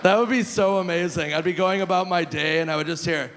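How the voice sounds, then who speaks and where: A man's voice: sits high, fairly quick, hardly any pauses, fairly bright tone. Man in his forties doing stand-up. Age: 40s. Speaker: stand-up comedian. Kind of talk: live stand-up set. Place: large theater stage. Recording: long hall reverb, faint crowd hum.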